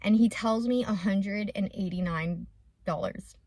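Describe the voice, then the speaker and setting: A woman's voice: medium pitch, unhurried, darkish tone, no echo, studio quality. A young adult woman talking openly to her viewers in a confessional vlog. She rambles and fills her speech with "like". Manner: rambling and open, with many "like" fillers. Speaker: vlogger and small business owner.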